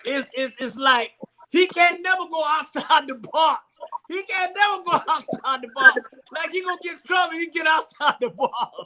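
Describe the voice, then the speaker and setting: A man hosting a casual chat show, talking loudly and joking with his co-hosts. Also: very high voice, moderate pace, a little hiss or hum, rough recording. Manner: loud, joking, laughing often.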